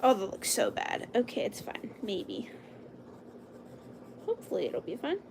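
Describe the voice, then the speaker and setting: Chatty young woman livestreaming, gravelly voice. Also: medium pitch, sing-song, measured pace, background noise. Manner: chatty, talks herself through each step, drops to a hushed whisper at times. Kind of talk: casual livestream chat while drawing.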